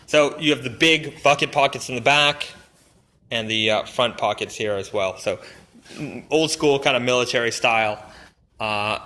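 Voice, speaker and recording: A man's voice: medium pitch, normal speed, bright, forceful tone. A man casually walking viewers through new clothing on a live stream, enthusiastic and rambling, full of fillers and restarts. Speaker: brand representative showing new products. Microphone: phone or camera mic on a live stream.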